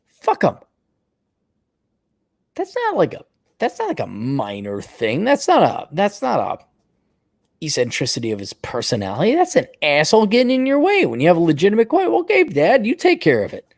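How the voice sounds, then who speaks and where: A blunt, foul-mouthed man dishing out advice in a lively, swooping voice that jumps up and down. The sound is dry and close, with no room in it. He rants with mocking outbursts and drops to low mutters. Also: normal speed, gravelly, pauses often, no room sound. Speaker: advice show host. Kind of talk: profane advice livestream rant.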